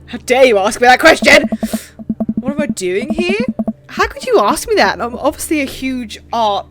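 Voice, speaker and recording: A woman's voice: high-pitched, big pitch swings, a little fast, over music, voice pushed up. Woman doing a blustering Australian minister guy. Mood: indignant. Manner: indignant, blustering. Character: pompous male minister, Australian-accented.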